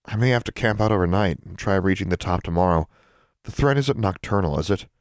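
A man's voice: deep voice, lively intonation, a little fast, clear, resonant tone, no room sound. A man voicing a young witch with a dry, sarcastic, blunt way of speaking. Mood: dry, wry. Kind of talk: audiobook character voice.

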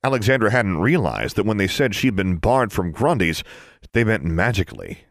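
A man with a low voice reading a novel aloud, his pitch rising and falling lively across each sentence. The recording is close and completely dry. He tells the story steadily between character voices. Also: moderate pace, no echo. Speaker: audiobook narrator. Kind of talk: scripted narration.

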